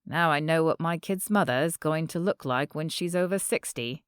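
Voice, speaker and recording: A woman voicing a gentle, reassuring young man. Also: deep voice, normal speed, clean tone, no echo, voice pushed down, close to an everyday voice. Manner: gentle, reassuring, dry humor. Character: supportive young man, calm boyfriend type.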